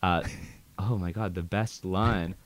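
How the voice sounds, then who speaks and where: Young guy on a podcast, really low voice, lots of uhs, dry close sound. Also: fairly even intonation, slow, dry recording. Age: young adult. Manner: hesitant, many fillers. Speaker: podcast guest, law student. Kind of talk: casual chat.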